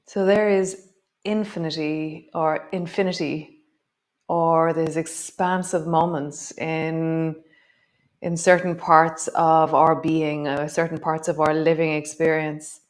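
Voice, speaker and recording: A woman's voice: low-pitched, level tone, slow pace. Chatty woman leading a yoga class. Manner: warm, chatty and rambling, with many fillers. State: voice slightly wobbly from strong scent. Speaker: yoga teacher. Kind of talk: guided yoga and meditation class.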